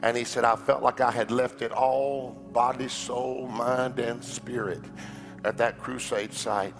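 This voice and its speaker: A middle-aged man preaching a sermon, telling a story that builds to a fervent, shouting climax. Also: medium pitch, level tone, unhurried, music in the background. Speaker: pastor. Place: large church auditorium.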